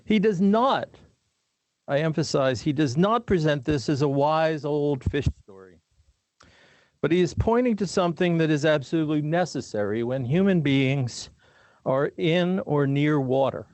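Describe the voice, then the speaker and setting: An older man giving a formal commencement address in a measured, deliberate way with dry humor. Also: medium pitch, a little mellow, dry recording. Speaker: commencement speaker.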